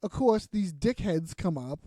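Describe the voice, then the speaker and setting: A man's voice: high-pitched, animated, a little slow, mellow, dry recording. A man co-hosting a podcast, rambling and laughing as he recaps a TV episode. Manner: rambling, chatty, laughs often. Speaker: podcast co-host. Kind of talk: casual chat recapping a TV episode.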